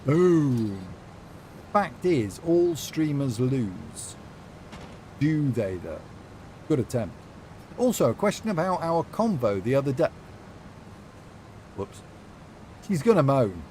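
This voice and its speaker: Male streamer, young, playful and sassy, warm low-key tone, lively pitch. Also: slow, long pauses, slight background noise. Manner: playful, sassy, rambling with lots of fillers. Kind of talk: casual live-stream chat while gaming.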